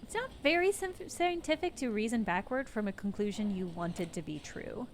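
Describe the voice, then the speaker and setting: A woman's voice: medium pitch, lively intonation, moderate pace, slight background noise. A woman streaming a video game, reading the narration aloud and mixing in playful comments as she thinks aloud.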